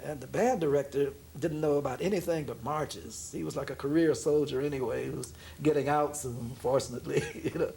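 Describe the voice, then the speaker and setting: A man, a jazz pianist being interviewed, telling a story in a relaxed way, laughing often and acting out the voices of the people in it. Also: medium pitch, fairly quick, creaky, hardly any pauses, a little hiss or hum. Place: room in an apartment.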